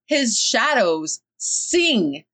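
A woman with a fairly high voice talks through a book's chapter in casual conversation. Her pitch swings a lot as she acts out the characters, and she adds sassy interjections throughout. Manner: expressive, quick with sassy interjections. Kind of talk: casual book discussion chat.

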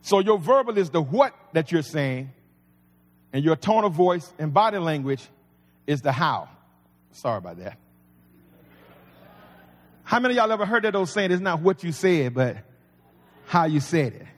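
A man's voice: a little high, big pitch swings, moderate pace, pauses often. A man preaching a sermon as pastor, folksy and conversational with humor. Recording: long reverb of a large hall.

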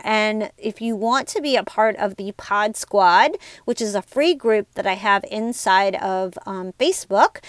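A woman's voice: on the high side, smooth, dry recording. Upbeat chatty woman podcast host. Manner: upbeat, chatty, says "you guys" and "like" often. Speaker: podcast host and life coach. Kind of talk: casual motivational podcast talk.

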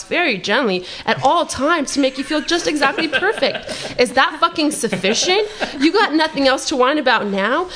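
A woman's voice: fairly high pitch, fairly bright tone. A woman reading a play aloud as a foul-mouthed, exasperated God who scolds humanity in a sarcastic, profane rant.

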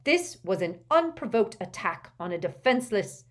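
A woman's voice: medium pitch, very animated, moderate pace, voice pushed up. A woman doing a stiff, officious male official. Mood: firm. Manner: firm, formal.

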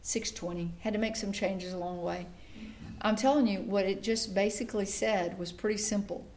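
A middle-aged woman, a state senator, gives an animated political speech to an audience in a meeting room. She acts out the voices of people she quotes and builds her emphasis as she goes. Her voice is mid-range and moderately paced.

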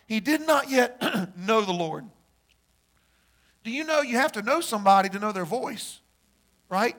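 Animated pastor preaching, man. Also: high-pitched, unhurried. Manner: animated, joking, shouts in bursts. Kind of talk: sermon.

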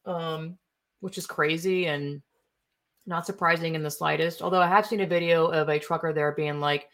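A woman's voice: low-pitched, fairly even intonation, moderate pace, fairly bright tone. A young woman giving casual, rambling commentary on online posts, indignant and profane, with many fillers. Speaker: political commentary streamer. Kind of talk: casual ranting commentary while browsing posts.

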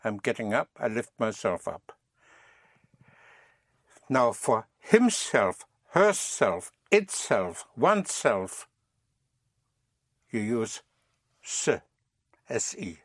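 A man leads a recorded language lesson. He drills phrases patiently, repeats them and corrects gently, and his pitch moves a lot. The sound is dry and close. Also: big pitch swings, extremely slow, long pauses, dry recording. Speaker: language teacher.

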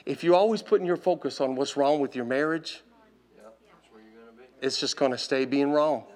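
A man preaching a sermon, impassioned and exhorting, swinging from loud intensity to hushed tones. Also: mid-range voice, normal speed.

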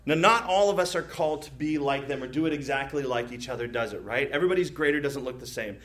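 A male pastor preaching a sermon in a conversational, playful way, with frequent asides, rhetorical questions and quick shifts into imagined voices. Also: medium pitch, fairly bright tone. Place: church stage.

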